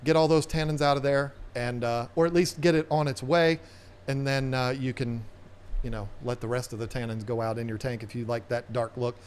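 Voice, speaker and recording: A man's voice: mid-range voice, steady tone, fairly quick, clear, resonant tone. A man hosting an aquarium live stream, chatting in a casual, rambling, playful way with viewers. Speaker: aquarium channel host.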